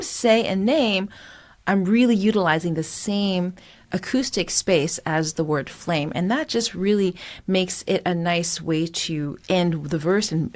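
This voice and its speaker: A woman singing coach explaining vocal technique with enthusiasm and breaking into sung examples. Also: fairly low pitch. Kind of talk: vocal lesson with sung demonstrations.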